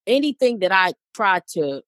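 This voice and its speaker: A woman's voice: mid-range voice, big pitch swings, moderate pace, a bit bright, no echo, clean studio sound. A woman in her thirties, a life coach guest, speaking earnestly in a preacherly way and repeating phrases for emphasis. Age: 30s. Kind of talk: casual interview talk.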